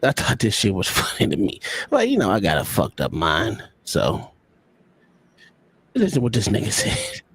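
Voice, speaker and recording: A man hosts a loose, profane livestream chat. His pitch swings widely as he talks. The mic is close and dry. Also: huge pitch swings, moderate pace, creaky, a bit bright, breathy edge, no room sound. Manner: loose, profane, laughing a lot. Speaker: livestream host. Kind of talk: casual podcast chat.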